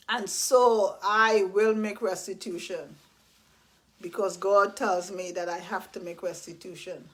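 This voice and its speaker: A woman's voice: high-pitched, fairly bright tone. A woman giving earnest, faith-based life advice in a casual talk, repeating herself and acting out apologies. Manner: earnest and repetitive, acts out apologies.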